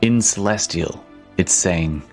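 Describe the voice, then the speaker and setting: A man narrating a tabletop game as game master, halting with frequent ums and restarts. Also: low voice, faint music behind.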